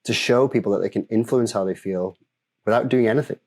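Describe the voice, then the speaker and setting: Man, breathwork coach, animated explainer, fairly low voice, podcast chat. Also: fast. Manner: animated explainer, acts out examples. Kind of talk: conversational podcast interview.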